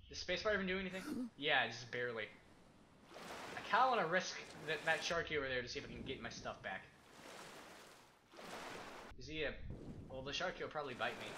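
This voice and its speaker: A young man casually commenting as he plays a survival game, chatty and excitable, talking to himself and the objects in it. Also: mid-range voice, background noise. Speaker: gaming YouTuber. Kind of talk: casual let's-play commentary.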